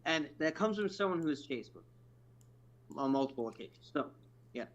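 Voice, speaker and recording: A man from Oregon, a fellow storm chaser, chatting casually on a livestream in a relaxed, agreeable way. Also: on the high side, fairly quick, lo-fi sound. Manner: relaxed, agreeable, lots of filler words.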